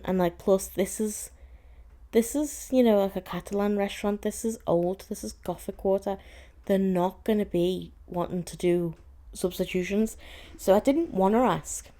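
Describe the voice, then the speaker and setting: A young woman hosting a podcast tells a story in a chatty, casual way, sounding somewhat exasperated and saying "like" a lot. Her voice is medium-pitched and mellow.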